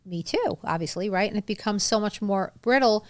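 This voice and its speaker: A woman's voice: mid-range voice, fairly quick, no echo. A woman co-host explaining things in a matter-of-fact way during casual podcast chat.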